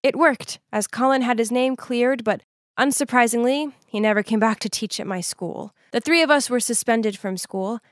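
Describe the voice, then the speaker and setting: A woman's voice: fairly high pitch, normal speed, no echo. Dry, close female narrator. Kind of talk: scripted narration.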